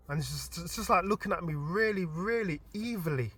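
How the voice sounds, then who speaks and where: A man casually telling a story from his dream as a vlogger, animated and informal, often stumbling and restarting his words. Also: high-pitched, a little fast, slightly rough. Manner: animated retelling with frequent stammered restarts; informal and chatty.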